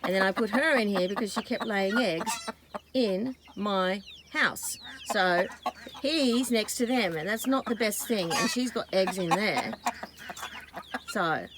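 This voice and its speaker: A rambling, chatty woman, talking to the camera outside a backyard coop at a middle pitch. She coos fondly at the animal now and then. Loud clucking chickens and clicking fill the background of this phone recording. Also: slow, background noise. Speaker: vlogger, backyard chicken keeper. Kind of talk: casual chat to camera.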